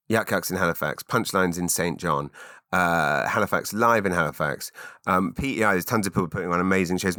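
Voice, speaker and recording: A man's voice: sits low, bright, forceful tone, no room sound, studio quality. A man hosting a solo podcast, jumping between tangents and jokes. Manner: tangential, jokey, many fillers and restarts. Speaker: podcast host.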